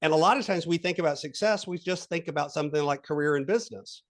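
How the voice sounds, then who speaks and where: Fast and fairly high-pitched, a man serving as guest coach in a podcast interview walks the listener through an exercise, animating it with storytelling and quoted voices.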